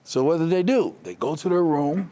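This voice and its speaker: A man with a somewhat high-pitched voice delivers a motivational talk before a live audience. He tells his stories from coaching in an animated, storytelling manner and often laughs through them. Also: moderate pace. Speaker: keynote speaker, former track coach.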